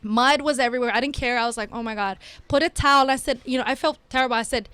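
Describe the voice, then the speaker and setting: A woman's voice: high-pitched, quick pace, hardly any pauses, smooth, no echo. A woman on a podcast in a studio, telling a parenting story in casual chat with lots of fillers. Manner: animated storytelling, many fillers. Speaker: mother and podcast guest.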